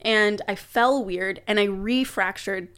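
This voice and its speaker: A young adult woman, a podcast guest, telling a personal story in casual chat, animated, laughing and swearing now and then. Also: medium pitch, takes it slowly, clear, resonant tone.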